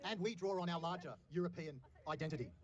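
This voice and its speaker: A man delivering a public speech in a slow, emphatic, declamatory way. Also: high-pitched, dull audio. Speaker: rally speaker.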